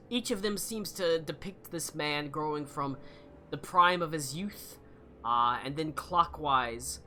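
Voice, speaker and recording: Male game master, slow deliberate narration, lots of fillers, bright tone. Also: a little high.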